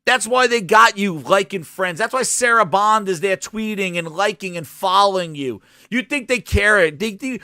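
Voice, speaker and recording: A man's voice: sits high, bright, forceful tone, dry recording, studio quality. A man hosting a gaming podcast, delivering a heated, profane rant with mocking impressions. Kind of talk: ranting solo commentary.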